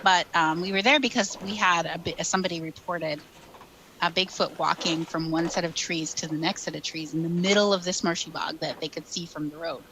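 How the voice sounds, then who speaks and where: A woman's voice: fairly low pitch, steady tone, a little fast, a bit bright, slight background noise, poor audio. A middle-aged woman with a Minnesota accent, a guest chatting in a live interview with many ums and restarts. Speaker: guest investigator. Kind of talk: casual interview chat.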